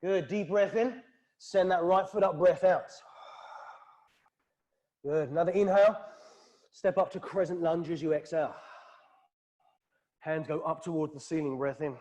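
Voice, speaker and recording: A British man with a high voice leads a flowing yoga class. He calls out poses in time with the breath, calm and steady, in a studio. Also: measured pace, long pauses, dull audio. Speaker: yoga instructor. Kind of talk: guided yoga class cues.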